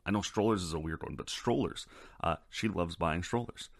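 Deep-voiced, profane podcast host. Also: male voice, moderate pace, no echo. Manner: loose, profane, rambling, laughs often. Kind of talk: casual solo podcast chat.

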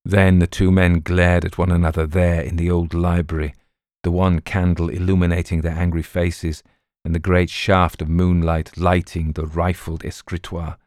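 Male audiobook narrator, very low voice, measured storytelling, dry close sound. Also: flat delivery, darkish tone, dry recording.

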